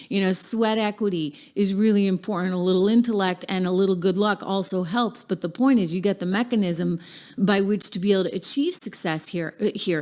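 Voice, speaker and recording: A woman's voice: medium pitch, darkish tone. Chatty, emphatic woman interview host. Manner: chatty, emphatic, many fillers and restarts. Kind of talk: conversational interview. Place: studio.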